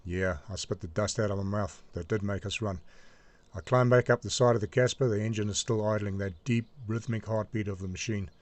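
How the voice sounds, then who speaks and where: A man in his sixties tells a first-person war story in a measured, vivid, present-tense way. His voice sits fairly low. It comes across as a dramatic telling by a veteran storyteller. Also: steady tone, no room sound.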